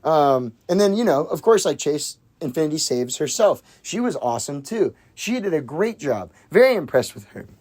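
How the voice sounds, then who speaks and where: A film reviewer chatting casually and excitably about a movie, rambling with lots of "like", restarts and casual swearing. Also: mid-range voice, moderate pace, hardly any pauses.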